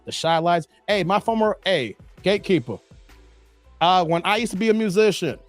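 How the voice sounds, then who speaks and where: A man in his forties talks in a high voice that leaps up and down as he chats with his viewers. He laughs a lot and keeps slipping into snatches of song. Faint music plays behind him. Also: normal speed, no echo. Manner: animated, breaks into snatches of song, laughs often. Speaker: host reading live chat. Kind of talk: casual livestream commentary.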